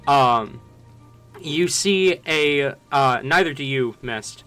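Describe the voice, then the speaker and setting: Man, game master, slow bright voice with many ums, faint music behind. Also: on the high side. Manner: slow, halting narration full of fillers. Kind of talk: narrating a tabletop game.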